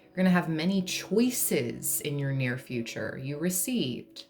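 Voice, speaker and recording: A woman's voice: low voice, lively intonation, measured pace, a little mellow, faint music behind. A woman giving a pick-a-card tarot reading in a playful, joking way, now and then bursting into song. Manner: playful, laughs to lighten things, breaks into humming and song. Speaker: tarot reader.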